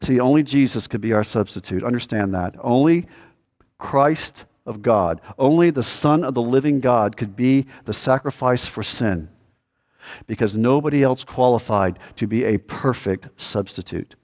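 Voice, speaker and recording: A male pastor preaching a sermon, emphatic and repetitive, swinging from loud declarations to a hushed, earnest plea. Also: medium pitch, normal speed.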